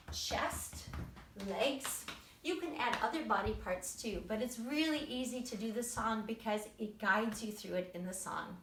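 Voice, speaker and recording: A woman's voice: fairly high pitch, a bit bright, a little hiss or hum. Cheerful sing-song woman teacher. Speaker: children's music teacher. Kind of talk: live-streamed lesson with chants. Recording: roomy echo.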